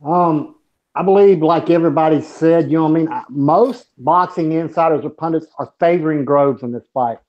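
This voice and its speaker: A man's voice: fairly high pitch, moderate pace. A man giving casual boxing analysis as a guest, evenly and with "um"s, over dull lo-fi call audio. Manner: even analytical talk with "um"s. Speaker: guest commentator.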